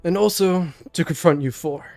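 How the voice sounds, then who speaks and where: A stern old male mage, as a young man puts him on for a tabletop game, slow and grave, with a groggy edge over a fairly high natural voice. Faint music plays underneath. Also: gravelly, darkish tone. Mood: solemn. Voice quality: slightly lowered, groggy-sounding voice. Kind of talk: game master voicing a character.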